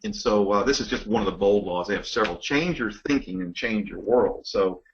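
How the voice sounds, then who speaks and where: A man talking in a measured, reflective way during a casual business conversation. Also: fairly low pitch, lo-fi sound, slight background noise.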